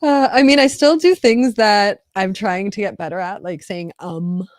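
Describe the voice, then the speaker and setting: A woman chatting casually on a live stream about her upcoming book, rambling with restarts and soft laughs. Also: medium pitch, moderate pace, no echo, clean studio sound. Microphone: close mic on a live stream.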